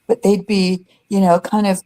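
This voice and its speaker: Woman, older, warm mellow tone, rambling chat, frequent restarts. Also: medium pitch, level tone, moderate pace. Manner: rambling, many fillers and restarts. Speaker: guest. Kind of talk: casual storytelling chat.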